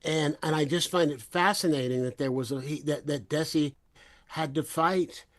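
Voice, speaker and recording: Animated middle-aged male podcast host. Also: fairly high pitch, normal speed. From US, San Francisco Bay Area. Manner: animated storyteller, laughs freely. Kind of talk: casual chat.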